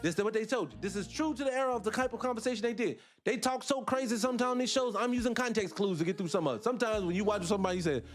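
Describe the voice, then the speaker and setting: A man with a high voice holds forth as host of a morning reaction show, chatting loosely and dropping sarcastic asides. He keeps turning to address his viewers directly, with faint music playing underneath. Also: rapid-fire, hardly any pauses. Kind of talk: reaction commentary.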